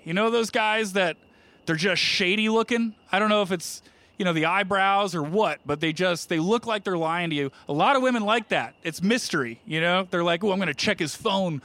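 A man's voice: high voice, lively intonation, moderate pace, sharp tone, no room sound. A middle-aged man from New Jersey doing a stand-up routine on a comedy club stage, telling self-mocking stories with playful asides to the crowd. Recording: live stage mic with audible room ambience.

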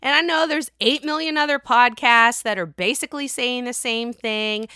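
A Pittsburgh woman hosts a gossip podcast in a bright, somewhat high voice, swearing freely and jumping from quiet asides to loud outbursts. She is recorded close and dry, with no room sound. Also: moderate pace, hardly any pauses, clean tone, no echo. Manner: chatty, profane, animated swings in loudness. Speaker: podcast host. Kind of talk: casual gossip commentary.

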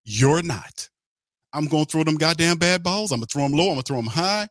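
A man's voice: a little high, animated, fairly quick, no echo, clean studio sound, close to an everyday voice. A man putting on a brash, boastful male quarterback who keeps repeating himself. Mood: cocky. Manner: brash, swaggering, repetitive.

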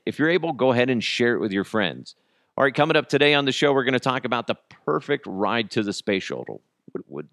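A man in his thirties hosting a podcast, ranting crudely and comically with sudden jumps in pitch. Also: a bit bright, no echo, studio quality. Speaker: podcast host. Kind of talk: casual comedic monologue.

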